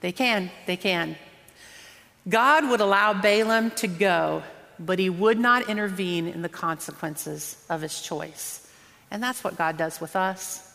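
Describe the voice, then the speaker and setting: A woman's voice: mid-range voice, creaky, a bit bright. A woman preacher delivering a conversational, earnest sermon, drawing out words for emphasis. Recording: long hall reverb.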